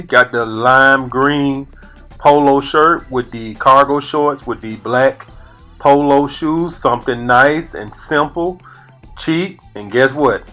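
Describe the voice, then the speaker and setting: Blunt, profane man with a bright voice. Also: mid-range voice. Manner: blunt and profane, keeps addressing "guys". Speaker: dating advice channel host. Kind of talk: casual vlog monologue.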